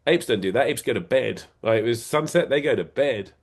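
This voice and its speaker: A man's voice: mid-range voice, lively intonation, brisk. Rambling, playful man in conversation. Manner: rambling, full of restarts and fillers. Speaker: interview guest. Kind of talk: casual conversation.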